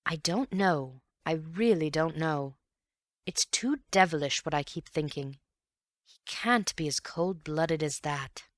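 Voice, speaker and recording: A woman voicing a calm, thoughtful gentleman detective who speaks in a grave, measured, earnest way. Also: low voice, dry recording, studio quality.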